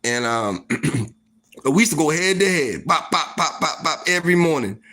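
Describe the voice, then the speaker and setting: An animated man spins a casual story straight to the camera, his pitch sitting a touch high and leaping all over the place. He talks loosely and profanely, leaning on "like" and "you know" as he goes. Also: unhurried. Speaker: storytime vlogger.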